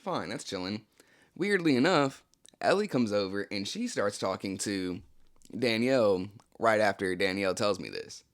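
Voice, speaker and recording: A young man with a fairly low voice tells a story from his own life in a relaxed, slangy storytime style. He talks loosely and keeps dropping "like" and "you know" as he goes. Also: moderate pace. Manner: laid-back, slangy, full of "like, you know" fillers. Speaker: channel host telling a story. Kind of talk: casual storytime narration.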